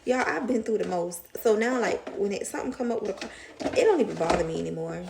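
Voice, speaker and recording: A young woman telling a story to her viewers in a casual, animated way, acting out the other voices as she goes. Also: medium pitch, fast talker, gravelly, background noise. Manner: chatty, animated retelling, mimics voices in quotes. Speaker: vlogger.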